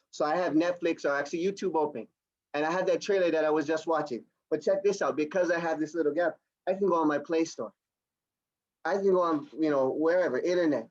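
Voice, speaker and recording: A man giving an energetic, repetitive sales training demo on a video call. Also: on the high side, lo-fi sound. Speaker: product demonstrator. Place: home or office on a video call.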